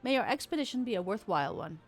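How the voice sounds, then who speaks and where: A woman's voice: mid-range voice, very animated, fast, faint music behind. A woman voicing a stern military commander in a game, reading formal, old-fashioned lines. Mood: grave.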